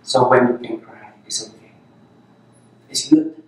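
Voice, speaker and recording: Male Zen teacher, echoey distant hall. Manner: unhurried, repeats short phrases. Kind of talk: dharma talk. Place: meditation center hall.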